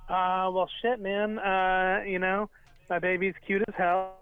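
A man's voice: high voice, flat delivery, unhurried, smooth. Easygoing man on a tinny phone line. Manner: easygoing, mumbling fillers. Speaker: caller. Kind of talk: casual chat on a phone call.

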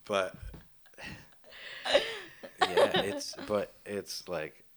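A man's voice: on the low side, wildly swooping pitch, very slow, crowd noise. A young man telling a faith testimony in a rambling, casual way, full of fillers and laughs.

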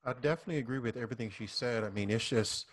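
A man's voice: medium pitch, racing. A man with a Southern US accent, a police officer speaking earnestly and with repetition as a guest in a casual panel discussion.

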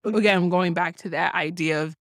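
A woman talking casually about a film, thinking out loud with lots of restarts and hedging. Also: fairly low pitch, normal speed, no echo, studio quality. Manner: thoughtful, rambling, many restarts.

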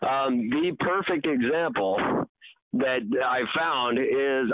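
A man's voice: mid-range voice, slow, no room sound. A man co-hosting a podcast in loose, rambling casual chat, laughing often. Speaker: podcast co-host. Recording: tinny phone-like sound.

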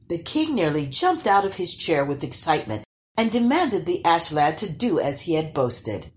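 A woman narrating a storybook aloud in an expressive, unhurried way. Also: deep voice.

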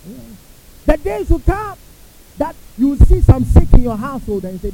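A man's voice: very high-pitched, fairly quick. A man preaching a sermon as pastor, acting out quotes and asking the congregation questions. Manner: animated preaching, acts out quotes, asks the crowd questions. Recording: tinny phone-like sound with faint hiss.

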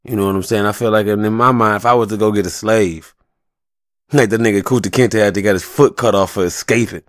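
A man's voice: lowish voice, fairly even intonation, brisk, no echo. A man in a casual, heated solo rant on a studio mic, profane and rambling, fired up and agitated. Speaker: solo commentator. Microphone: studio mic with a pop filter.

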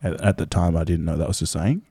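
A man's voice: low voice, expressive, quick pace, dark tone, breathy edge, no echo, clean studio sound. A man telling a story in a casual podcast chat, laid-back and laughing along as he talks. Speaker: podcast guest.

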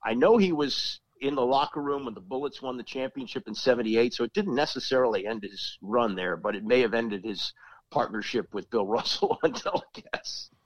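A man's voice: medium pitch, normal speed, dry recording, dull audio. A man on a sports talk show, casually telling long stories with many restarts. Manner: rambling anecdotes with restarts and laughs.

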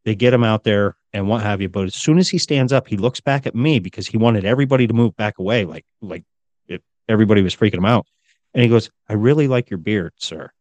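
A man's voice: on the low side, quick pace, a little mellow, no echo. A man co-hosting a casual podcast, telling a story loosely with lots of swearing and acted-out quotes. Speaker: podcast co-host. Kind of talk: casual chat.

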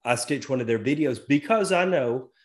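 A man's voice: mid-range voice, expressive, normal speed. A middle-aged man in a casual podcast chat, easygoing and folksy, talking in loose asides.

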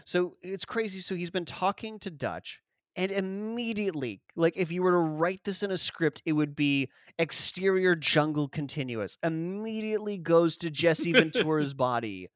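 A man's voice: a little high, expressive, moderate pace, dry recording, clean studio sound. A man hosting a casual movie review podcast, joking and rambling and laughing often. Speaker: podcast host.

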